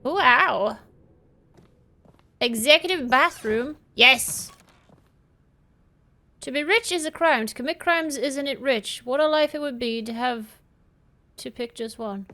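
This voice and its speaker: High-voiced woman streaming a game. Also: slow pace, pauses often, pushed and bright. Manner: playful, reads on-screen text aloud, swears. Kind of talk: casual gameplay commentary.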